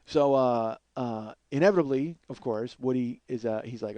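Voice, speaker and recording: A man telling a comic story from his youth in a rambling, animated way, full of fillers and acted-out quotes. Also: mid-range voice, a little fast, few pauses, dry recording. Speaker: comedian host.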